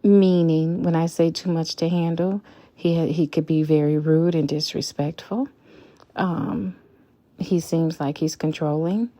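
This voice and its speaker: A woman's voice: deep voice, steady tone, unhurried, warm tone, dry recording. An outspoken woman in her fifties vlogging frankly about her relationship, blunt and emphatic. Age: 50s. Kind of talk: candid relationship vlog.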